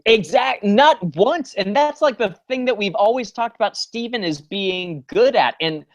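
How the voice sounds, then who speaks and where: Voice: medium pitch, animated, a little slow, highs cut off. A podcast co-host in casual chat, acting out the characters' lines with mocking quotes and tripping over frequent restarts. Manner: frequent restarts and filler words.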